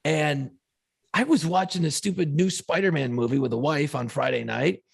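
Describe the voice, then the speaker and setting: In a clean studio recording without echo, a middle-aged radio host co-hosting a podcast shares an emotional story full of swearing and quoted reactions during casual chat. His voice is on the high side, slightly rough with vocal fry, at a moderate pace.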